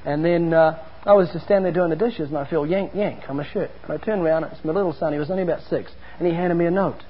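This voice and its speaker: A man's voice: fairly high pitch, quick pace, breathy edge. A man preaching a sermon, earnest and emphatic, mixing scripture with personal stories. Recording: dull lo-fi recording.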